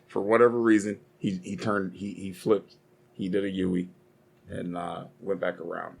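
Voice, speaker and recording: A man's voice: deep voice, little pitch movement, unhurried, creaky, slightly rough. A young man co-hosting a casual podcast, rambling and swearing as he argues and tells stories. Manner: profane, rambling, heated storytelling. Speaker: podcast co-host.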